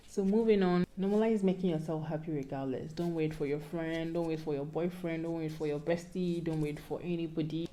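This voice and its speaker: In a low, mellow voice, this young Ghanaian-accented vlogger casually advises her viewers. She comes across as playful and pleading, at times almost like she's giving a sermon.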